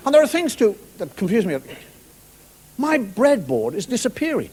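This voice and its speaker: Irish comedian, high lively voice. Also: male voice, normal speed. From Ireland. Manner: wry, rambling delivery with mimicked voices and sudden shouts. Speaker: stand-up comedian. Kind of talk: stand-up monologue. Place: television studio with audience. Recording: broadcast studio with audience laughter and noise. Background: studio audience laughter.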